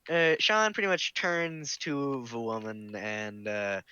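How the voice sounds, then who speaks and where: Slow, bright-voiced man narrating a game. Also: mid-range voice, steady tone, clean tone, dry recording, lo-fi sound. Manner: casual, filler-heavy narration. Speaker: game master.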